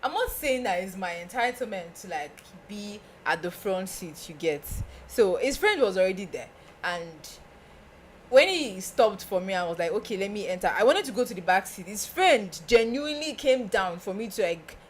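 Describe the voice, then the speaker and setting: Lively young Nigerian woman telling stories. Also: moderate pace, a little hiss or hum. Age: young adult. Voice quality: laughing, animated, breaks into high squeals. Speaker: podcast guest. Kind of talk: casual storytelling.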